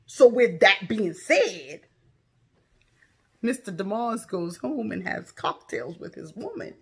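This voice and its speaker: A woman casually recapping a TV episode, outspoken and animated, breaking into loud exclamations. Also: medium pitch, takes it slowly, creaky, breathy edge. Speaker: TV show recap vlogger.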